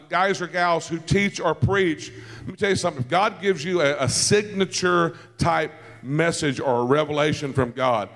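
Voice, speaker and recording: A man preaching a sermon, telling stories with quick asides and laughter and calling out to the congregation. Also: fairly high pitch, long reverb tail. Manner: lively storytelling with asides and laughter; calls out to the congregation.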